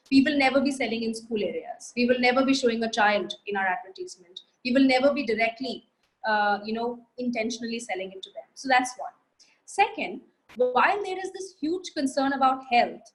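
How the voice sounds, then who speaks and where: A woman in her thirties with an Indian English accent, a marketing guest answering audience questions in a brisk, confident way. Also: on the high side, poor audio. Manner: brisk, confident, lists points. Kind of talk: live Q&A answer.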